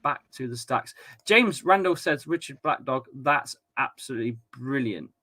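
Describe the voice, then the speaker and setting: A man's voice: medium pitch, lively intonation, moderate pace, sharp tone. A young Englishman hosting a football fan watchalong, reading out chat comments in a jokey, rambling way and often repeating himself. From England. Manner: chatty, jokey, repeats himself and stumbles on words. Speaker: host of a fan watchalong stream. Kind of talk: casual live-stream chat reading comments.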